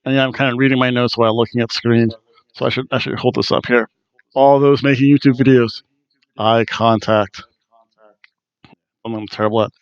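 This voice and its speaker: A man's voice: medium pitch, little pitch movement, normal speed, long pauses, smooth, muffled recording. A man hosting a wrestling review podcast, chatting casually in a rambling, self-deprecating way. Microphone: headphones on, desk mic.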